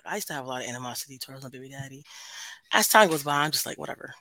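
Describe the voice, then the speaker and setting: A woman's voice: rumbling low, lively intonation, rapid-fire, pushed and bright, no echo. A woman and mother, a podcast guest, chatting casually, laughing often and swearing freely. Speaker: podcast guest, host of her own podcast. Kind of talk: casual chat.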